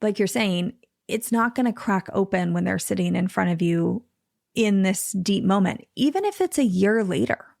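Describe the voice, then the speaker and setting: A woman hosts a podcast in a chatty, think-aloud way with plenty of "like" fillers. Her voice has a gravelly edge and is recorded dry and close. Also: mid-range voice, lively intonation, normal speed, a little mellow, no room sound. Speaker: podcast host. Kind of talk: casual conversation.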